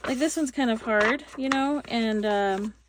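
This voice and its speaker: A woman's voice: on the high side, measured pace, noisy background. A woman hosting a casual craft tutorial, chatty and rambling, full of fillers and restarts, recorded on a phone.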